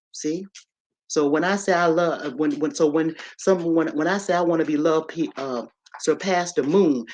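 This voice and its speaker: A woman with a low, slightly mellow voice hosts a casual livestream. In this monologue she tells a story and preaches to her viewers.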